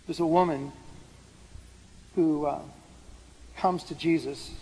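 A man's voice: a little high, steady tone, slow, warm tone, slightly rough. A man preaching a sermon, explaining scripture in a conversational way and putting questions to the room. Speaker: pastor. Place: large hall with an audience. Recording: hall reverb with faint background noise.

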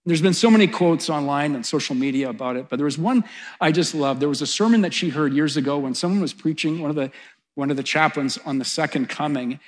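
A middle-aged man preaching a sermon, swelling to loud, fervent peaks and then dropping soft. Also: fairly high pitch, fast talker. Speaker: pastor.

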